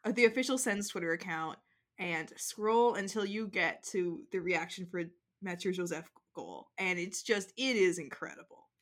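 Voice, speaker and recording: A woman co-hosting a casual sports podcast, talking in a chatty way with lots of "like" and quick "mm-hmm" backchannels. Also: fairly low pitch, a bit bright. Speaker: podcast co-host.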